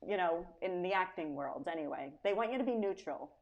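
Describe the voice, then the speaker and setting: Long Island woman, animated storyteller. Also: lowish voice, a little fast, muffled recording. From Long Island, New York. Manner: animated storytelling, acts out quotes. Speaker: guest comedian. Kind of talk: casual chat.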